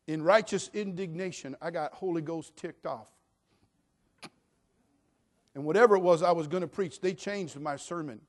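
A male pastor delivering a sermon in a slightly high-set voice. He moves from quiet, intimate passages to loud, impassioned cries, and tells stories as he goes. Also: normal speed, long pauses. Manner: dynamic preaching, swinging from hushed to shouting.

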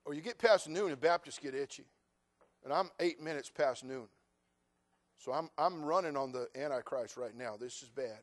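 A male pastor preaching a sermon, animated and humorous, acting out voices of people in his congregation. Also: medium pitch, normal speed.

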